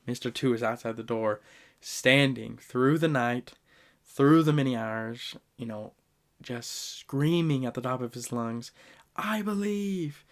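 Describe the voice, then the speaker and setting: A man hosting a podcast, giving an animated, slangy ranking of favorite moments and talking straight to the listeners. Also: medium pitch, vocal fry. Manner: animated storytelling, swings loud and soft; slangy, addresses listeners directly. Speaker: podcast host. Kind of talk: casual fan ranking talk.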